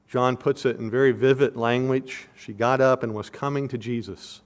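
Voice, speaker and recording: Guy preaching verse by verse, earnest and emphatic, stops to explain the words like a teacher, normal middle pitch. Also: steady tone, moderate pace, hardly any pauses. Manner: earnest, emphatic, repeats questions for stress. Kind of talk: expository sermon.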